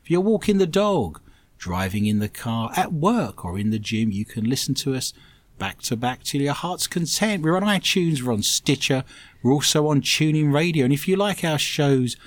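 A man's voice: a little high, sing-song, normal speed, no echo. A man hosting a comedic radio show, cracking puns and reading out listener messages. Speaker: host.

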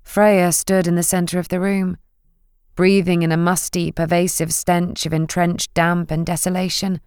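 Smooth, low-voiced woman narrating. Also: little pitch movement, measured pace, a little mellow, no echo, studio quality. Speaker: audiobook narrator. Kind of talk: scripted narration.

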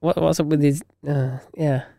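A man co-hosts a casual chat podcast, his voice at an ordinary pitch and recorded close and dry. He laughs often and answers with dry, teasing remarks. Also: steady tone, normal speed, gravelly, warm tone, no echo. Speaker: podcast co-host.

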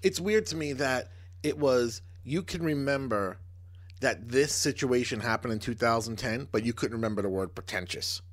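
A man's voice: medium pitch, moderate pace. A man co-hosting a podcast in casual chat, joking and laughing often. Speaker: podcast co-host.

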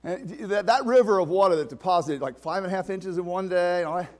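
A male pastor preaching a sermon in a conversational style, full of restarts and sudden swings between soft and loud. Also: high voice, fast.

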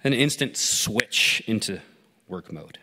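A man preaching through a story, pausing to ask listeners reflective questions. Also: fairly low pitch, animated, background noise. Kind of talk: sermon told as a story. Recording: long hall reverb.

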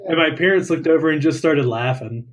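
A young adult man, a dietitian guest in a casual interview, telling relaxed stories and laughing as he goes. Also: on the high side, brisk. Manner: relaxed storyteller, laughs while telling anecdotes.

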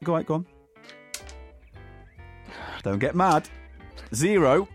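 A man's voice: fairly high pitch, lively intonation, slow pace, faint music behind. A man reading game rules aloud and bantering teasingly as a comedy co-host. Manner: reads aloud, teasing, swears, laughs.

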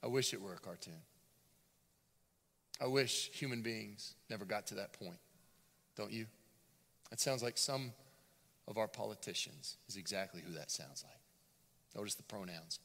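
A man preaching a sermon as a pastor, animated and dramatic yet conversational. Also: on the low side, moderate pace, long pauses. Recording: long hall reverb.

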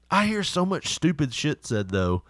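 A married man with a drawl tells stories in a loose, joking chat, his pitch bouncing all over as he gets into it. He laughs a lot between lines, and his voice sits a bit high for a man. The sound is close and dry, with no room behind it. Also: measured pace, no echo. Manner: animated, laughs often while telling stories. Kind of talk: casual storytelling chat.

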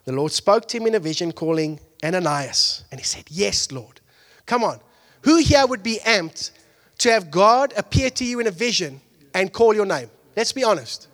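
A pastor preaching a conversational sermon, moving from hushed asides to loud, excited peaks and acting out the people he quotes. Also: high voice, moderate pace, hardly any pauses.

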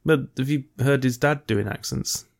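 A man trading film opinions with a friend in a mid-pitched, even voice. His humour is dry and sardonic, with casual swearing. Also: normal speed, creaky.

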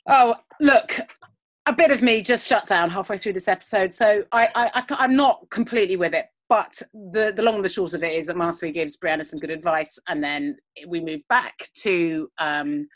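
A podcast co-host chats casually about a TV episode from her home, joining over a video call. At a normal speed and fairly low pitch, she rambles, using many fillers and recounting scenes.

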